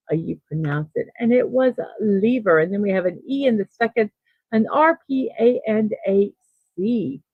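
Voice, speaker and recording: A woman's voice: mid-range voice, no echo. A woman hosting a daily morning livestream, chatting casually and reading out viewer comments, upbeat and full of fillers. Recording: tinny phone-like sound, dry.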